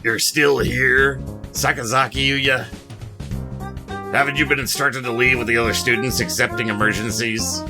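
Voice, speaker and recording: A man voicing a stern male bird spymaster, measured and dryly sardonic. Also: mid-range voice, little pitch movement, over music, close to an everyday voice. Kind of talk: video game voice acting.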